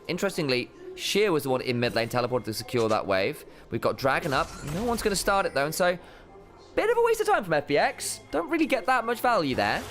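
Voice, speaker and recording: A man doing jokey, animated play-by-play commentary on an esports match. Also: mid-range voice. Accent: put-on casting accent. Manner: animated, jokey, rising excitedly on big plays. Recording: game music behind the commentary.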